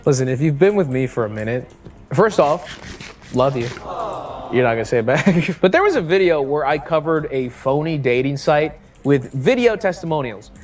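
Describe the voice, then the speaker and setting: A vlogger recaps a film with a sarcastic, profanity-laced delivery, swinging the pitch widely for punchlines. Jokes tumble out in a lively, mocking stream. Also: moderate pace, soft background music. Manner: sarcastic, profane, animated, laughs often. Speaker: movie reviewer. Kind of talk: comedic movie recap vlog.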